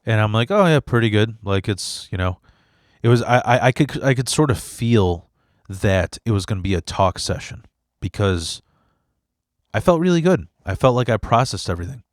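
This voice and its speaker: A man with a lowish voice speaks in a candid personal monologue, open about his feelings and loose with swearing. He often stops and restarts mid-sentence. The sound is dry and close, with no room echo. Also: lively intonation, moderate pace. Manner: emotional and profane, with frequent restarts. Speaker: podcast host.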